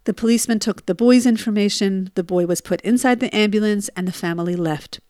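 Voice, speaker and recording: A woman's voice: medium pitch, fairly quick, dark tone, no echo, clean studio sound. A woman in her forties telling a personal story, reliving her panic with emotional bursts.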